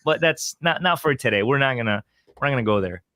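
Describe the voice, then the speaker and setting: A man co-hosting a casual sports podcast, playful and quick to joke. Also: mid-range voice, expressive, sharp tone. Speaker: podcast co-host.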